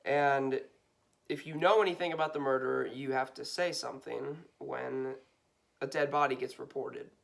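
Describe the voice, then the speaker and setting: A man's voice: medium pitch, fairly even intonation, normal speed, creaky. A man co-hosting a casual podcast with his brother, laughing, swearing and rambling with fillers. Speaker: podcast co-host. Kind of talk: casual chat.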